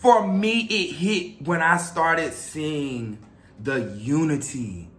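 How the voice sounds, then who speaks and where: A man's voice: fairly high pitch, slow, a bit bright, reverberant, a little hiss or hum. A talkative young man telling a story in a casual, chatty vlog style, loose with filler words. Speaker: vlogger.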